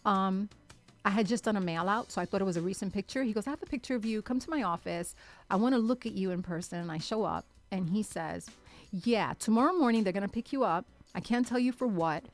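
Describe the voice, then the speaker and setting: A woman telling a lively story as a radio show guest, acting out the people in it. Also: medium pitch, fast talker, faint music behind. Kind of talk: animated storytelling in casual chat. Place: radio studio.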